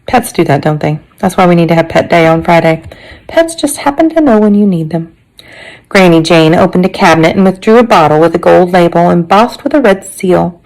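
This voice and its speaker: A woman teacher reading a chapter book aloud to her class, expressive and chatty, with asides to her listeners. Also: fairly low pitch, low-quality recording.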